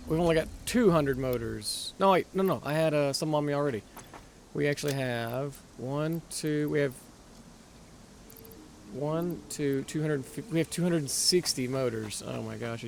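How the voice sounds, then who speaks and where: A man's voice: a little high, a little slow, gravelly, long pauses, a little hiss or hum. A man casually commentating his own gameplay, rambling, correcting himself and muttering as he plays. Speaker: gaming channel host. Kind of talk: casual let's-play commentary.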